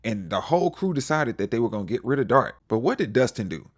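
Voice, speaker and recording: A young man hosting a casual TV recap, animated and joking, acting out the characters' lines with playful slang. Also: mid-range voice, quick pace. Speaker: recap show host.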